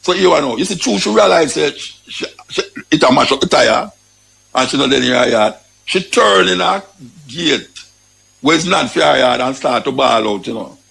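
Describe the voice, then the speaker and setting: Gravelly Jamaican man ranting emphatically. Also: mid-range voice, lively intonation, moderate pace, a bit bright, low-quality recording. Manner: emphatic, repeats phrases, peppers with "you know". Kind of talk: casual spoken commentary.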